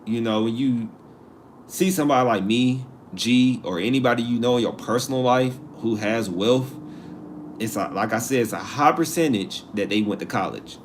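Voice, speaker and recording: A man hosting a live stream in casual chat, reading viewer comments aloud and answering in an animated, slangy way that repeats itself. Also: mid-range voice, normal speed, slight background noise. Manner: animated, repeats himself, slangy asides and laughs.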